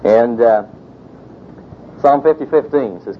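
A man's expressive voice, moving at a moderate pace, carries a casual story-driven sermon peppered with fillers and "you know" asides. Vehicle rumble sits under a tinny, phone-quality recording.

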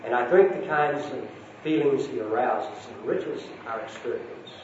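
A man speaks in an unhurried way as he lectures and reads from a story. His voice sits at a middling pitch. The recording is dull and far from the mic, in a big echoey hall with a faint hiss. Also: darkish tone. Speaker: speaker at a Christian campus talk. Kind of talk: lecture with a read-aloud story.

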